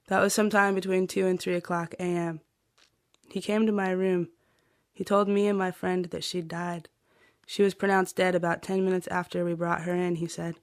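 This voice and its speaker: A woman reading a personal journal aloud in a quiet, even, intimate way. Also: fairly low pitch, dry recording, clean studio sound.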